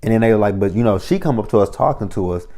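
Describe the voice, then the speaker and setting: A man's voice: on the low side, very fast. A man recapping a reality TV episode in a casual monologue, blunt and profane. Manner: blunt, profane, animated storytelling.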